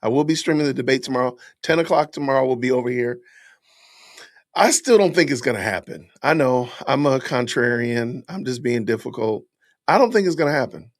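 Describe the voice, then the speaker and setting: A man's voice: mid-range voice, expressive, a little fast, no room sound, clean studio sound. A man hosting a live stream, upbeat and chatty, addressing viewers directly. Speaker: podcast host.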